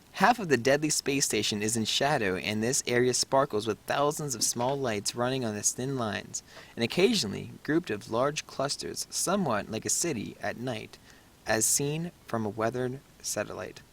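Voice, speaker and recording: Man, stage-direction reader, casual read-through, stumbles over words, mid-pitched voice. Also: a bit bright. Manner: reads haltingly, stumbles on words.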